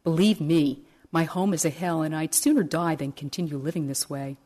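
A despairing poor man pours out his complaints in a pleading, wailing voice, as a woman storyteller puts him on. The tone sits low and mellow, and it rises in sharp bursts when he begs for help. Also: moderate pace. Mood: desperate. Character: desperate poor man at the end of his rope.

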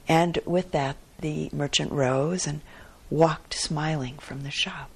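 A woman meditation teacher telling a story in a dharma talk, unhurried and gently expressive. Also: low-pitched, slightly rough.

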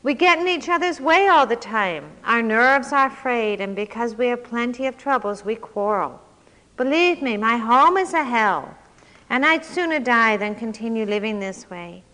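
A woman's voice: a little high, expressive, moderate pace, pushed and bright, big-room sound. A woman reading a story aloud and voicing a desperate poor man who pleads with his rabbi in anguished outbursts. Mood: pleading.

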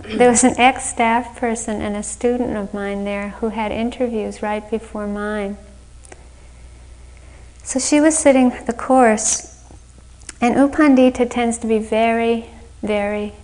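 A woman meditation teacher giving a dharma talk on retreat, slow, gentle and reflective, often laughing at her own stories. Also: fairly high pitch, little pitch movement, poor audio. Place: retreat center meditation hall.

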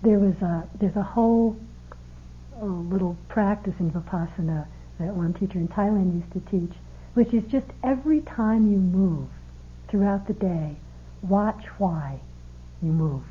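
A woman's voice: medium pitch, a little slow. Woman giving a dharma talk, tinny sound. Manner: conversational storytelling with gentle emphasis. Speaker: meditation teacher. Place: meditation hall. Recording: tinny phone-like retreat talk recording.

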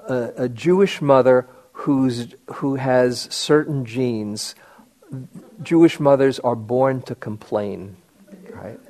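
An older man telling a personal story in a meditation talk, halting with many fillers and restarts. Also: mid-range voice, darkish tone. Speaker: meditation teacher.

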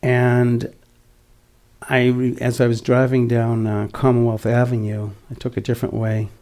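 Gravelly, mellow older man teaching meditation. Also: medium pitch, completely flat delivery, normal speed. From Boston area, USA. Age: 60s. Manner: gentle and reflective, voice dropping to near whispers. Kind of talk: dharma talk.

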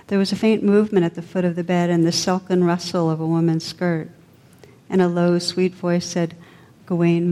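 A woman meditation teacher narrates an old legend during a dharma talk, her pace soft and measured. Her voice is low and mellow. A long hall reverb hangs behind it.

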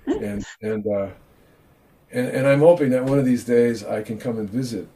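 A man's voice: medium pitch, moderate pace. Older man giving a chatty Zen talk. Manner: chatty, self-mocking, animated asides. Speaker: Zen teacher and author. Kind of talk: informal dharma talk on a video call.

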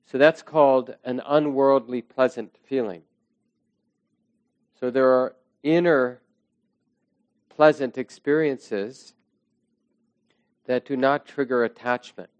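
A man teaching a meditation class, speaking slowly and reflectively, letting his phrases trail off softly. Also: mid-range voice, clean tone, no room sound, lo-fi sound. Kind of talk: dharma talk to a class.

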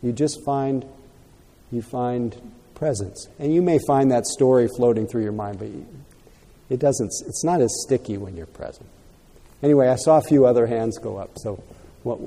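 A male meditation teacher answering questions in a calm, gentle, reflective way. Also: mid-range voice, normal speed. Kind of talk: dharma talk Q&A. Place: meditation hall. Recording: reverberant hall.

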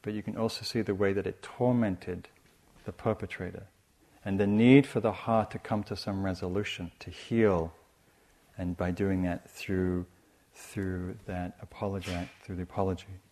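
A man giving a dharma talk as a meditation teacher, speaking softly and reflectively in a measured way. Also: low-pitched, fairly even intonation. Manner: soft, measured and reflective, with frequent restarts.

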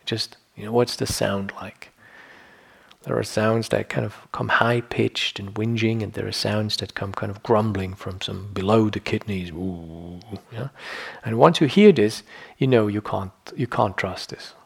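Gravelly-voiced man giving a meditation talk. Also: lowish voice, measured pace. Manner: reflective, conversational, frequent "you know" and "yeah?". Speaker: meditation teacher. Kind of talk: dharma talk.

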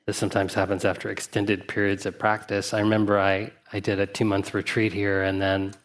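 A man, a meditation teacher, giving a dharma talk at a retreat in a reflective, anecdotal, gently humorous way. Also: on the low side, monotone. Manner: reflective, unhurried asides with 'uh' and 'you know'.

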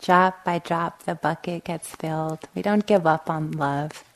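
A woman meditation teacher giving a gentle dharma talk, telling stories and often checking in with "right?". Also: low voice, fairly even intonation, a little slow. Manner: gentle, storytelling, frequent "right?". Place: meditation hall.

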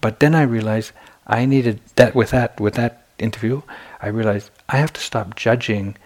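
A man gives an evening dharma talk at a retreat and tells his own story in a frank, self-deprecating way. His voice sits low and has a gravelly, slightly husky texture. He talks casually and often restarts his sentences. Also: normal speed, darkish tone. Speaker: meditation teacher. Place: retreat center meditation hall.

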